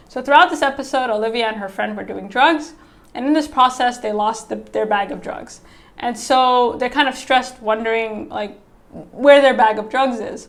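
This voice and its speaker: A woman's voice: fairly high pitch, vocal fry. Chatty woman recapping a TV episode. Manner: chatty, frequent "like" and "right?"; acts out characters' quotes in her own voice. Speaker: TV reviewer. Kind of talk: casual recap commentary.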